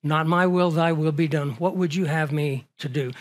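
A man delivers a sermon in a fairly high voice. He is earnest and works through rhetorical questions, letting his volume swell and then drop low for emphasis. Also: fairly even intonation, moderate pace. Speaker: preacher.

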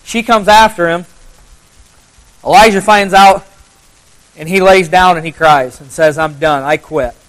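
A man with a slightly high voice giving a motivational Bible talk to a live group. He speaks conversationally, throws questions at his listeners and drives points home by repeating phrases. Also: steady tone, measured pace, long pauses, fairly bright tone, low-quality recording. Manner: conversational, asks the audience questions.

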